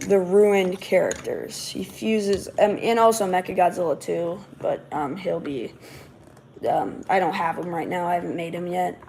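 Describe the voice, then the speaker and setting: A woman's voice: on the low side, fairly even intonation, moderate pace, gravelly, darkish tone, a little hiss or hum. A woman hosting a casual livestream, rambling along with lots of fillers and false starts. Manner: rambling, many fillers and restarts. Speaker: livestream host.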